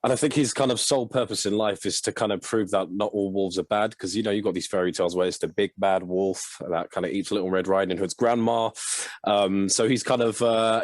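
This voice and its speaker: A man's voice: low voice, no echo. A man who acts in the show, answering interview questions about his character over a video call, thoughtful and hesitant. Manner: thoughtful, hesitant with many fillers. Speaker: actor.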